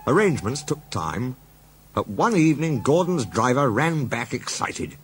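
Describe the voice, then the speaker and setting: A man narrating a storybook tale in a plain, steady way. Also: medium pitch, measured pace. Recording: loud music and crowd noise behind.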